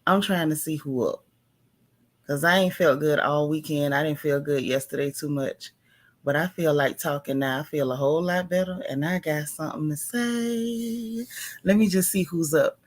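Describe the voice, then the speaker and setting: Softly half-whispering woman. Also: sits low, normal speed. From Texas. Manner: half-whispering, chatty, greets viewers by name. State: recovering from a migraine, tired. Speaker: livestream host. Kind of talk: casual early-morning livestream chat.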